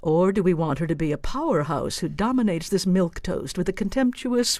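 A woman's voice: lowish voice, expressive, a little fast, few pauses, darkish tone, no echo, studio quality. A woman giving a scripted radio commentary in a playful, wry, theatrical way. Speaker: radio essayist.

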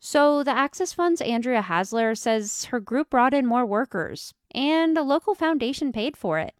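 A woman reporter narrating a scripted radio feature story in a bright, storytelling way. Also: high-pitched, very animated, moderate pace, clean tone, no echo.

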